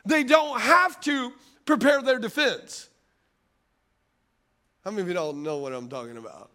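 A man in middle age delivers a sermon as pastor. His voice sits unusually high for a man. He preaches in a lively, conversational way, often turning to the congregation with asides. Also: normal speed.

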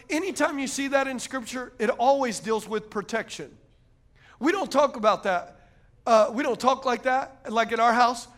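A middle-aged man preaching a sermon as pastor, energetic and fervent, often dropping to a hushed aside. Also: very high voice.

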